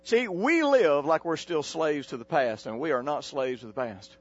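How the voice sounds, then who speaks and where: A man's voice: normal speed, highs cut off. A male pastor delivering a folksy sermon, calling on the congregation to repeat his words and jumping up into sudden exclamations. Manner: preaching with call-and-response to the congregation; folksy, animated, with sudden pitch jumps.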